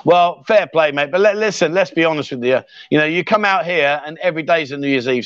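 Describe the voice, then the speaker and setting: A man's voice: on the high side, animated, fast, few pauses, fairly bright tone, no room sound. A middle-aged English man hosting a live stream, chatting in a jokey, matey way as he reads out viewers' comments. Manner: chatty and jokey, full of mate and fair play. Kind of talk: casual live-stream chat reading comments. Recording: dry, slightly dull sound.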